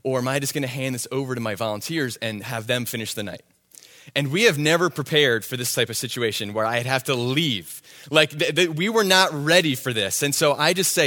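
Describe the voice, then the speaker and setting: A young man telling a self-deprecating story in a sermon, animated and quick with asides. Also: medium pitch. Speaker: youth pastor.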